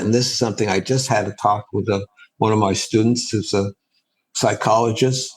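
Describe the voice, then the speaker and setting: A man, a spiritual teacher, giving a reflective answer in an interview, halting and restarting as he thinks. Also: on the low side, steady tone, rough recording. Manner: halting and thoughtful, with frequent restarts and pauses.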